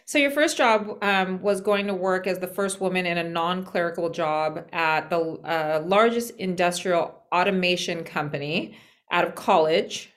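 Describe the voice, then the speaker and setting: A woman's voice: fairly low pitch, measured pace. Affirming woman interviewer. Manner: engaged, affirming, frequent mm-hmms. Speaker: interviewer, podcast host. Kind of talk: conversational interview.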